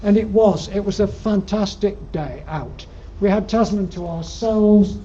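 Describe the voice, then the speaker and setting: A man's voice: sits high, measured pace, warm tone. An older man with a Yorkshire accent giving a rambling, dryly humorous slide-show talk to a club, with plenty of ums, on a dull lo-fi recording. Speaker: guest speaker at alpine club. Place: lecture room. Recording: dull lo-fi recording with faint noise.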